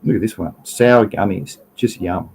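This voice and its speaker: A man's voice: fairly low pitch, normal speed, gravelly, darkish tone, a little hiss or hum, rough recording. An Australian man hosting a casual livestream, rambling through slides, trailing off and restarting, greeting viewers in chat. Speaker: livestream host.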